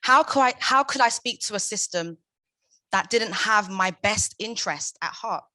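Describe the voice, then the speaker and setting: Forceful woman giving an impassioned talk. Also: medium pitch, lively intonation, normal speed, no room sound. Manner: impassioned, emphatic, rhetorical questions. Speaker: conference speaker, founder of a maternal support group. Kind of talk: prepared conference talk.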